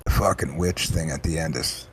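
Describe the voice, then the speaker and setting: A man's voice: rumbling low, moderate pace, husky. A young man hosting a casual livestream chat, swearing freely and ranting in rambling bursts. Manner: profane, rambling, animated rants. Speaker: show host.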